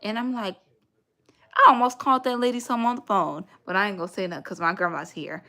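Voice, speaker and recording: A woman's voice: medium pitch, expressive, fairly quick, sharp tone. A woman hosting a casual livestream from home, telling a long story and thanking viewers for gifts along the way. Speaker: livestream host. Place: home, near a radiator.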